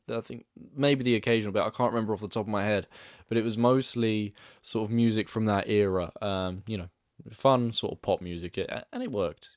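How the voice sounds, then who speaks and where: A man's voice: on the low side, dry recording, clean studio sound. A man talking through a movie review in a casual, rambling way, often correcting himself mid-sentence. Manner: chatty, rambling, frequent self-corrections. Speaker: film reviewer.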